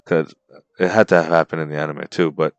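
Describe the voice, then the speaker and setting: A man co-hosting a podcast, recapping a story in an excited, slangy way and calling his co-host bro and dude. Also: very deep voice, fast talker, smooth, no echo, lo-fi sound. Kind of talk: casual chat.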